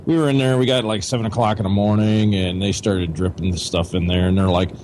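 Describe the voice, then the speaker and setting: A man's voice: lowish voice, fairly even intonation, fast, darkish tone, low-quality recording. A man with a Midwestern American accent, co-hosting a casual chat and telling a long story full of swearing. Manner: profane, rambling storyteller. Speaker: podcast co-host. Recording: faint background noise.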